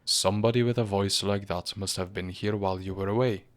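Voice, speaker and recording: A calm, gently obstinate priest, as a male reader puts him on in a storybook reading. His tone stays measured and low-pitched, firm without ever raising itself. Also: no room sound, close to an everyday voice. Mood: gentle, firm.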